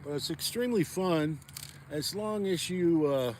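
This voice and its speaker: Casual man vlogging from a frozen pond, chatty and rambling, a touch high-pitched, faint wind and hum behind. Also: measured pace. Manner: chatty, rambling, talks to viewers while jigging. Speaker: ice fishing vlogger. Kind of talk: casual outdoor vlog chat.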